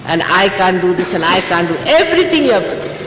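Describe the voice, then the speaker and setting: A woman's voice: lowish voice, big pitch swings, quick pace, fairly bright tone. Older lady teacher telling off her followers, repeats herself, echoey hall, long reverb. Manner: scolding, emphatic, repeats herself. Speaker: spiritual teacher addressing followers. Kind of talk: informal exhortation before a ceremony. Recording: echoey hall, faint hiss, old tape.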